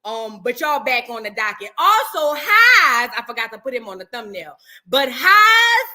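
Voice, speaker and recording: Hosting her own channel, a woman chats casually about celebrity gossip in a fairly high voice at a measured pace. She's sassy and animated, now and then slipping into sung bits.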